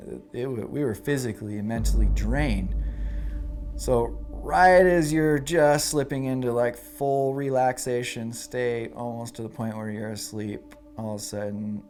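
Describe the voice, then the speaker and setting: A man casually recounting a hard training experience, loose and relaxed, full of fillers as he talks. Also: fairly low pitch, slight background noise. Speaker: interviewee recalling a training event. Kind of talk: casual storytelling. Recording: music playing under the voice.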